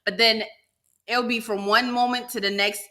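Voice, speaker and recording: A woman's voice: a little high, normal speed. A young woman co-hosting a podcast, telling a story in casual chat and acting out what people said. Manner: animated storyteller who acts out quotes. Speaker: podcast co-host.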